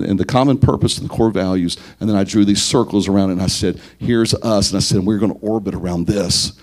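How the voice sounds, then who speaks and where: A man's voice: on the low side, a little mellow. A man telling a story as a sermon, earnest and building to an emphatic close. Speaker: minister.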